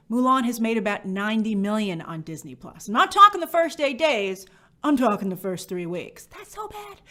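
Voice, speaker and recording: A woman film critic doing movie review commentary, gushing and emphatic one moment and flatly dismissive the next. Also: a little high.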